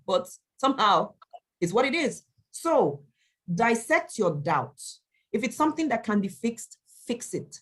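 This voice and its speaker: A woman, an event MC answering questions in a motivational talk, emphatic and animated as she tells stories. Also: mid-range voice, normal speed. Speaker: event MC and speaker.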